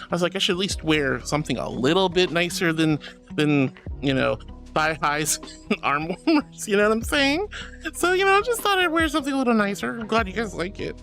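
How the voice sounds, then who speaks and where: A woman's voice: fairly low pitch, sing-song, a little fast, fairly bright tone, faint music behind. A woman streamer chatting casually and reading viewer comments, calling her viewers honey and darling and laughing often. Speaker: VTuber streamer.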